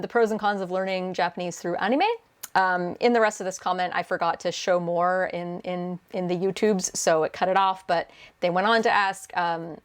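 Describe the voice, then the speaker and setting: A woman's voice: mid-range voice, clear, resonant tone. A young woman who works as a translator, answering viewer questions in a casual vlog, chatty and full of fillers. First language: English. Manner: chatty, many fillers and restarts, laughs often. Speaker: translator and video host.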